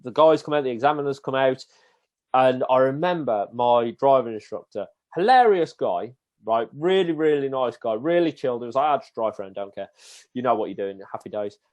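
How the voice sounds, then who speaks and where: A young man, a guest on a casual podcast, telling a story in a lively way. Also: mid-range voice, fairly quick, lo-fi sound. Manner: lively anecdotal telling, acting out the voices in his stories.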